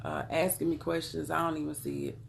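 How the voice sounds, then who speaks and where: A woman with a Southern US accent talks loosely to her live-stream audience as she pulls tarot cards, addressing them as y'all and beloved. Her voice sits on the low side with plenty of gravelly fry, over a faint hiss of background noise. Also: flat delivery, a little fast. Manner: chatty, calls viewers y'all and beloved. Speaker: tarot card reader. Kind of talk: casual live-stream chat with viewers.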